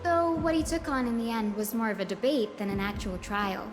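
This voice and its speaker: An actress voicing an earnest young woman in a fantasy game, recounting events in an animated storytelling way. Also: on the high side, a little fast, natural voice. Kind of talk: game character dialogue. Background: game music.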